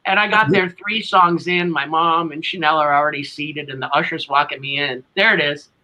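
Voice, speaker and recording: A man's voice: on the high side, fairly even intonation, normal speed, sharp tone, poor audio. A middle-aged man with a New England accent, a tribute band singer telling a long, rambling story as an interview guest.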